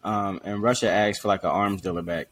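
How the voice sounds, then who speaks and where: A man's voice: lowish voice, steady tone, brisk, a bit bright. A man in a casual group chat, talking in loose slang and joking around.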